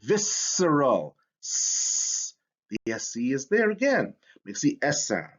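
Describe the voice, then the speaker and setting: Lively husky male spelling teacher. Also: mid-range voice, takes it slowly. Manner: energetic, emphatic, stretches out words to sound them. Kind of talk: classroom spelling lesson. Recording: dull lo-fi sound.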